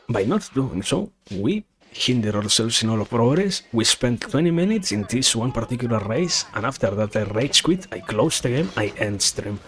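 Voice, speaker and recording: A man's voice: medium pitch, fairly bright tone. Rambling male gaming streamer. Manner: rambling, self-correcting, swears casually while playing. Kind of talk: casual gaming stream chat.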